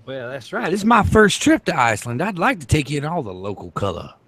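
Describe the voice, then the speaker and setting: A man playing a brash, flirtatious American rescuer, talking loudly and cockily. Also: a little high, sing-song, quick pace, no echo. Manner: loud, cocky, flirty.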